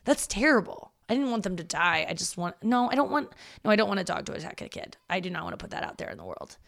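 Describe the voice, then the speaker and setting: A woman's voice: medium pitch, very animated, fast, creaky, a bit bright. A woman comedian and show host talking in a casual, rambling solo monologue, self-deprecating and swearing freely.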